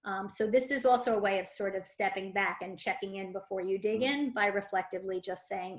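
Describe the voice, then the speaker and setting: Woman teaching a parenting webinar, mid pitch, lots of ums, acts out little examples. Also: fairly quick, hardly any pauses. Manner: explanatory, with fillers and acted-out example phrases. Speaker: parent coach. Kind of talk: webinar presentation.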